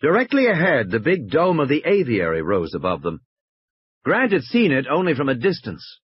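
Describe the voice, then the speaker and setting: A man narrating an audiobook in a measured, expressive way. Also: medium pitch, breathy edge, dry recording, highs cut off.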